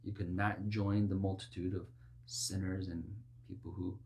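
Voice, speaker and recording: A man preaching a sermon in an animated way, dropping to low murmurs and rising to high, insistent exclamations, with mocking asides. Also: normal speed, slight background noise. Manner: mocking, acts out worldly voices.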